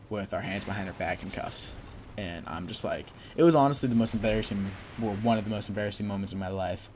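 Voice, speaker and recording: Low-voiced young guy telling a story. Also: background noise. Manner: rambling, quotes people with "I'm just like". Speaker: vlogger. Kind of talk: casual storytelling.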